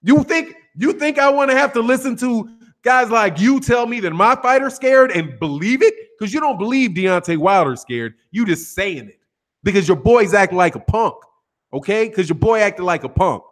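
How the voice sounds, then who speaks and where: A man's voice: high-pitched, animated, normal speed. A man hosting a boxing channel, ranting in a brash, profane, trash-talking monologue.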